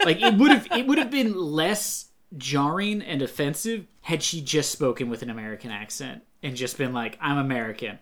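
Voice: medium pitch, animated, moderate pace, few pauses, fairly bright tone. A podcast co-host in casual chat, rambling through long tangents and laughing often.

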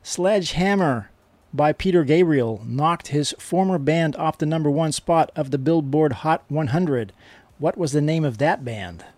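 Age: adult. Sex: man. Role: quiz host on a casual podcast. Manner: upbeat, quick to laugh. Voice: a touch higher than most men. Sound: dry, close mic. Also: darkish tone, no echo. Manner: upbeat, laughs often while reading questions.

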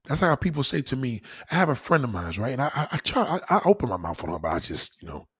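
A man on his own channel, giving casual advice in an animated, preachy way, swearing freely. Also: medium pitch, fast talker, slightly rough. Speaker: YouTuber.

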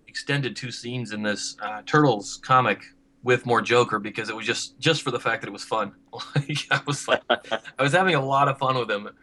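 Male comic writer, casual rambling podcast guest, fast and bright. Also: medium pitch, slight background noise. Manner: rambling, laughs often, acts out quotes.

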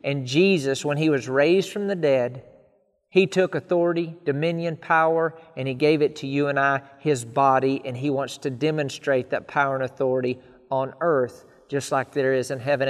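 A man's voice: mid-range voice, fairly even intonation, moderate pace, big-room sound. A man preaching a sermon in an earnest style, building emphatic repeated lists.

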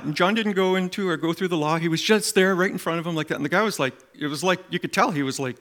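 A middle-aged man preaching a sermon, telling stories and making emphatic, animated appeals to the congregation. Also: fairly high pitch, a little fast. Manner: animated storytelling with acted quotes and emphatic appeals.

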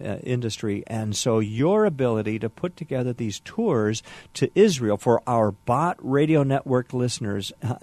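Man, radio host, mid pitch, dry close sound, upbeat. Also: darkish tone, dry recording. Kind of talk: radio interview.

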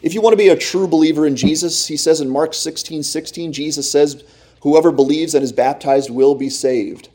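Male pastor, mellow tone, preaching with strong shifts between loud and soft. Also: fairly high pitch, fairly quick. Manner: emphatic preaching, swinging between loud and hushed. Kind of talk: sermon.

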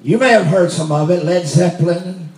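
A man preaching a testimony sermon, telling a story and building to shouts. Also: sits high, normal speed, reverberant, slight background noise. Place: church sanctuary.

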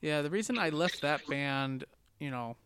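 A man talking in relaxed casual chat as a podcast guest, swearing casually and using fillers. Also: a little high, normal speed, clear, resonant tone, no echo.

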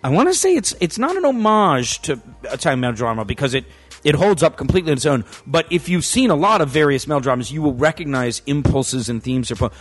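Male podcast co-host, casual and animated, rambles and backtracks. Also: fairly high pitch, fast, soft background music. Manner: rambling, animated, self-correcting. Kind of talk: casual chat.

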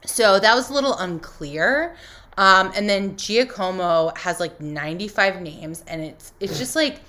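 Snarky woman cohost, medium pitch, swears a lot, acts out what ppl said. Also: measured pace, bright, forceful tone. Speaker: podcast co-host. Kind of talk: casual chat recapping a TV show.

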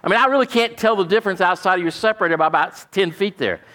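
Man, high-pitched, folksy emphatic sermon, pastor. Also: fast talker, sharp tone. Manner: folksy, emphatic preaching with frequent "amen?".

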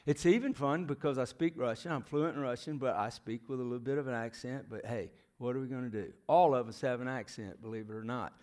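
A middle-aged man, preaching a folksy, storytelling sermon in a church as a visiting missionary. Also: fairly high pitch. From United States. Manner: folksy storytelling, asks the crowd questions. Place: church sanctuary.

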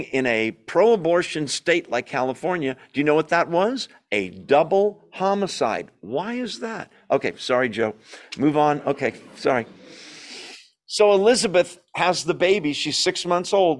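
Leading a Bible study, a man reads scripture aloud at a moderate pace in a voice on the high side. He comments in a lively, emphatic way with opinionated asides, often posing questions to the group and answering them himself.

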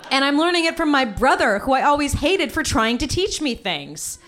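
A young woman telling a personal story on stage, lively and jumping high in pitch when quoting people. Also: normal speed, long pauses.

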